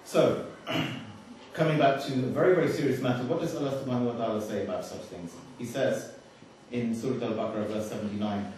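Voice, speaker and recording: A man's voice: medium pitch, a little fast, darkish tone, a little hiss or hum. Man lecturing in an echoey hall. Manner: conversational, asks the audience questions, wry humour. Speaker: speaker giving a religious talk. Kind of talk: lecture to an audience. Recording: echoey hall, voice from far off the mic.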